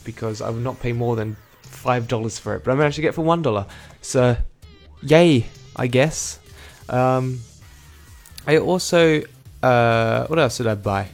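Rambling young guy. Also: mid-range voice. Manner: rambling, self-correcting, dry asides. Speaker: vlogger. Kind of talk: casual vlog recap.

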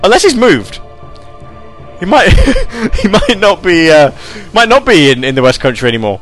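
A man hosting a casual live radio show, rambling and animated as he reads chat messages and tells stories. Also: high-pitched, normal speed, soft background music.

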